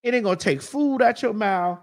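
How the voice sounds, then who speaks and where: A woman's voice: medium pitch, a little fast. A woman hosting a reaction commentary, making her points emphatically and repeating them for weight. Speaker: host.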